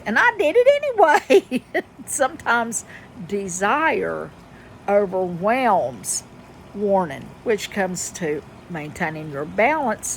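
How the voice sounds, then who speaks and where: A woman's voice: medium pitch, a little hiss or hum, low-quality recording. A woman telling a story in a folksy, chatty way, laughing often, then moving into reflective life advice. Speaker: vlogger. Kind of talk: casual storytelling monologue.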